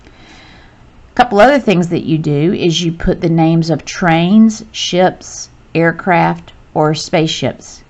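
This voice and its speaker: Slow, patient woman teaching grammar. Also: fairly low pitch, darkish tone. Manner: patient, explains step by step, corrects herself. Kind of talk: grammar lesson narration. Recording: dull lo-fi sound.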